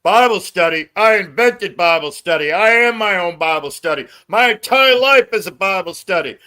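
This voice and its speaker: A man's voice: high voice, lively intonation, moderate pace, bright, forceful tone, clean tone, voice pushed up. A man putting on the voice of a pompous, self-important man who brags. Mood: smug.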